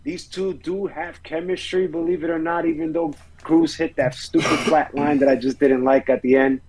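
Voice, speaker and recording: A man's voice: on the high side, steady tone, moderate pace, a little mellow, rough recording. A man co-hosting a wrestling podcast, giving enthusiastic, rambling reviews with casual swearing. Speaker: podcast co-host.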